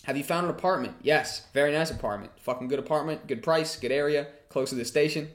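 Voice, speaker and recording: A man's voice: on the high side, quick pace. A man hosting a casual livestream Q&A. He reads chat questions aloud and answers them in a chatty way, swearing freely.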